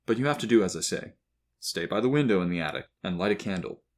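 A man voicing a calm, reassuring father who talks to his son in a steady, confiding way. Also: sits low, fast talker.

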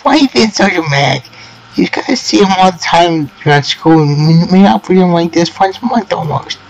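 A man voicing a cheerful, teasing teenage girlfriend in a dating game, raising his pitch and speaking with bubbly pushiness. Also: expressive, moderate pace, dull audio.

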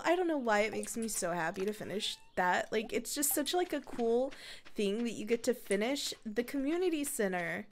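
A woman's voice: a little high, expressive, moderate pace, slight background noise. A young woman commentating her gameplay, gushing and teary with emotion, close to crying and giggling between lines. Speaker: gaming channel host.

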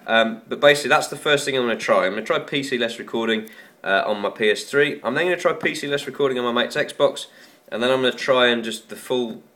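Male tech vlogger, chatty and self-deprecating, bright edge to the voice. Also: mid-range voice, fast. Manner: rambling, chatty and self-mocking. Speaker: tech YouTuber. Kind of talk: casual unboxing vlog.

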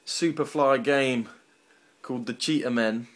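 A man's voice: mid-range voice, a little slow. A young man chatting casually and swearing while watching a friend play a retro game. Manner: laid-back, profane, joking. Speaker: let's play gamer. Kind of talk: casual gameplay banter. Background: faint game music.

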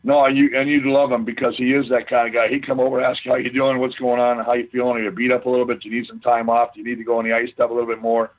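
A man, a former football player, telling rambling, animated stories as an interview guest, with many restarts. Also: medium pitch, racing, hardly any pauses. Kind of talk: casual storytelling interview. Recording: tinny phone line.

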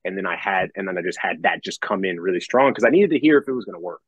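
A man's voice: deep voice, expressive, quick pace, husky, dry recording, highs cut off. A young man, a metal songwriter, talking casually on a podcast, rambling with many restarts and casual swearing.

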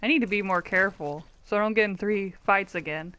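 A woman's voice: mid-range voice, fairly quick, sharp tone. A woman giving casual, bubbly and self-mocking commentary while playing an online game. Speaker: gaming youtuber.

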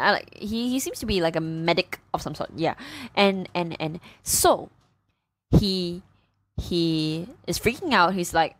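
A woman chatting casually about a book as a reviewer, retelling it in a rambling, animated way full of fillers. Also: fairly low pitch, unhurried, dry recording, rough recording.

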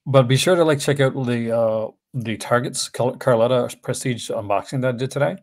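A man hosting a casual livestream about films, speaking at a middling pitch. He talks in a halting, chatty way, circling back and restarting his sentences. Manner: hesitant, full of fillers and restarts. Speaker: host.

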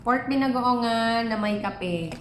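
A woman's voice: a little high, a little slow. A young Filipino mother with a Filipino accent vlogging at home, chatting to viewers and playing baby-talk games with her toddler. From Philippines. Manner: switches between talking to viewers and playful baby talk to a toddler. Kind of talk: casual home vlog. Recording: echoey room with clear background noise.

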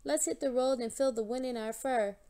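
A woman's voice: high-pitched, a little fast, mellow, clean tone, pitched above the performer's own voice. A woman doing an eager pleading boy mouse. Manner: pleading, full of wild ideas. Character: eager inventive young male mouse.

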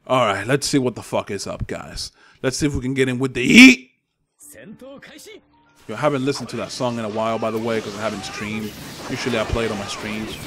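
A man's voice: fairly low pitch, fairly even intonation, a little fast, sharp tone. Young man, Spanish accent, gameplay commentary, profane trash talk, faint music behind. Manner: profane, trash-talking, rambling. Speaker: gaming channel host.

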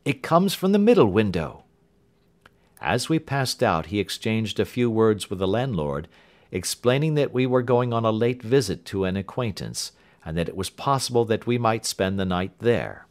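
A man narrating a classic detective story as an audiobook, steady and expressive. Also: lowish voice, moderate pace.

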